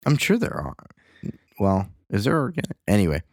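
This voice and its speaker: Animated, swearing young man. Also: fairly low pitch, moderate pace, creaky, no echo, clean studio sound. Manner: rambling, profane, animated. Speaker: podcast host. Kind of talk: casual chat.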